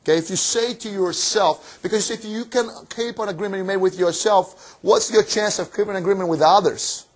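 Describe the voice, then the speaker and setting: High-voiced cheeky seminar presenter man. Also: a little fast, few pauses. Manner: energetic, cheeky, fires rhetorical questions. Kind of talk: motivational finance seminar talk. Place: room with a live audience.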